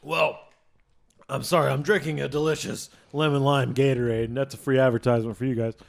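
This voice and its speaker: A man's voice: medium pitch, level tone, fairly quick, vocal fry. A man co-hosting a podcast, chatting casually and joking with frequent laughs. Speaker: podcast co-host. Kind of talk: casual chat.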